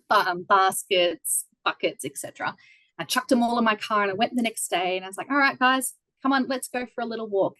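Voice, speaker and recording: Animated Australian woman telling a story. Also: mid-range voice, no echo, low-quality recording. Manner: lively, animated storyteller who acts out quoted voices. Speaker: guest. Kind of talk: casual storytelling interview. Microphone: video call.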